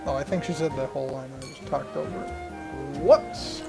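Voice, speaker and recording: A man's voice: medium pitch, fairly even intonation, fairly quick, creaky, poor audio. A young man playing a video game, reading its dialogue aloud in playful, mock-dramatic voices and joking about his slips. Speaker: gaming channel host. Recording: game music playing behind.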